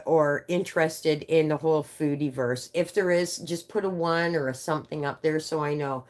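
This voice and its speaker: A woman in her fifties hosting a livestream, chatting with viewers in an animated way, swearing freely and reading out their comments. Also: low-pitched. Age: 50s. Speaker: livestream host. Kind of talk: casual livestream chat with viewers.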